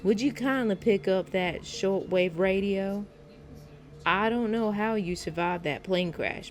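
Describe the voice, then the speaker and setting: A woman's voice: on the low side, lightly acted. A woman reading a firm male radio guide. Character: steady male radio guide urging a stranger on.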